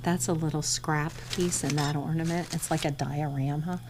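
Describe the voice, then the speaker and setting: Excited, hushed middle-aged woman vlogger. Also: low voice, moderate pace, hardly any pauses, background noise. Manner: excited, often dropping to a hushed near-whisper. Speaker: vintage reseller showing inventory. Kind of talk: casual vlog chat.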